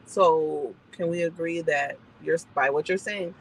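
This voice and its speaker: A woman driving instructor chatting casually in a moving car, telling stories and acting out the voices in them between calm, brief driving instructions. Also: low-pitched, measured pace, rough recording. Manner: animated storyteller who acts out the voices in her stories. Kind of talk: casual chat during a driving lesson.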